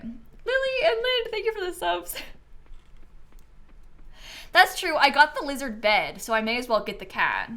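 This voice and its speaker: Bright, lively woman streaming a game. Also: fairly high pitch. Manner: chatty, answers chat and thinks aloud; excitable, squeals and laughs. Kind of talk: casual live-stream chat while playing.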